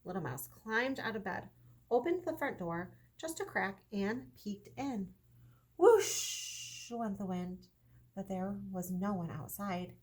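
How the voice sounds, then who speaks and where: A young adult woman, a kindergarten teacher, reading a children's story aloud in a gentle, expressive way that speaks to young listeners. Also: mid-range voice, unhurried, breathy edge.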